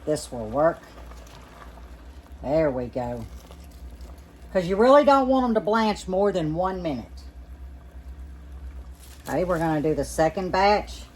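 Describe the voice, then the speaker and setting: Lady canning greens in her kitchen, kinda low voice, chatty, faint room hum behind. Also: expressive, a little slow, pauses often, a little mellow. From Louisiana. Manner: chatty, folksy, checks in with "okay?". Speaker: home canning cook, channel host. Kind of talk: casual kitchen demonstration. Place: home kitchen.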